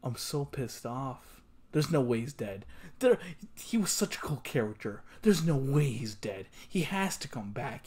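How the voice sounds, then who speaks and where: Man slow-talking, swearing anime reactor. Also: medium pitch, very animated, darkish tone, husky. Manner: exasperated, swears a lot, repeats himself; drops into muttered whispers. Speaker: anime reaction channel host. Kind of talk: casual reaction commentary.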